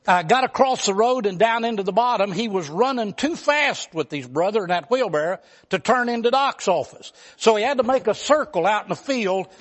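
A man's voice: high-pitched, a bit bright. A man, a pastor telling a folksy mountain story in a sermon. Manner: folksy, rambling storyteller with many fillers.

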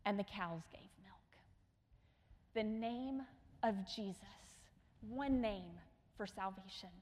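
A middle-aged woman preaching a sermon, telling stories with acted quotes and sometimes dropping to a hushed tone. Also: mid-range voice, slow pace. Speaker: missionary speaker. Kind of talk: sermon storytelling. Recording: long hall reverb.

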